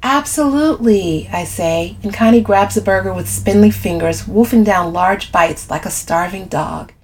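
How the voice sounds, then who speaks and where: A woman's voice: on the low side, normal speed, a little hiss or hum. A woman narrating first-person fiction as an audiobook, telling it expressively. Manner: expressive storytelling.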